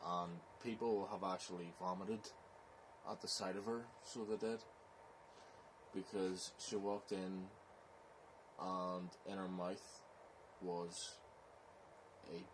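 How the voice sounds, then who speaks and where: A man with a Belfast accent, telling a scary story in slow, rambling casual chat, with "so it is" tags. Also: low-pitched, level tone, background noise. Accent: Northern Irish, Belfast.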